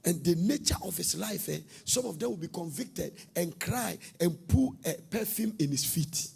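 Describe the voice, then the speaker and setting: Raspy-voiced preacher, high and gravelly. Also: male voice, moderate pace. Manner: animated, swings from soft to shouted sing-song. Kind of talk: sermon.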